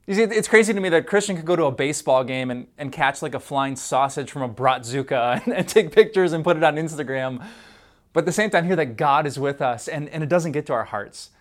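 A man's voice: fairly high pitch, lively intonation, brisk. A man preaching a devotional sermon in a conversational, playful way, stacking emphatic lists and breaking into laughs. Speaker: pastor.

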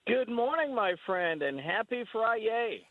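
A man's voice: high-pitched, sing-song, unhurried, no echo. A man working as a White House correspondent, talking wryly and conversationally as a guest on a radio show. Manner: wry, conversational and sardonic. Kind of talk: call-in radio interview. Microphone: phone. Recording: tinny phone line.

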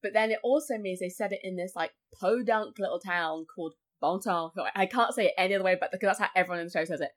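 A woman's voice: mid-range voice, fast, hardly any pauses. A woman talking as a guest on a podcast in casual chat. She fills her talk with "like" and often acts out other people's voices. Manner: chatty, full of likes, acts out voices.

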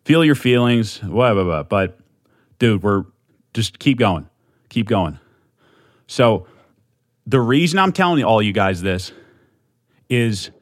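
A man's voice: medium pitch, big pitch swings, measured pace, pauses often, no echo, studio quality. A young man hosting a solo podcast, talking in an amped, rambling way with lots of swearing and restarts at a desk mic. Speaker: podcast host.

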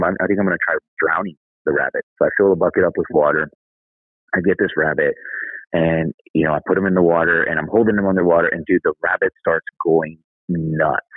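Deep-voiced, husky man, a candid podcast guest telling a story, thin phone-line sound. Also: no room sound. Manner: candid, conversational, says "dude". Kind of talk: casual storytelling.

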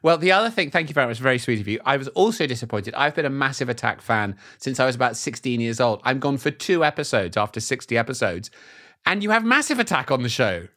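A man's voice: medium pitch, very animated, quick pace, sharp tone. A man with an English accent hosting a podcast, chatty and upbeat, laughing often. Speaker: podcast host. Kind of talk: casual chat.

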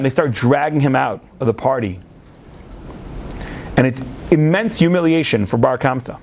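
A man teaching a lesson through a story, lively and repeating words for emphasis. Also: high-pitched, fairly quick.

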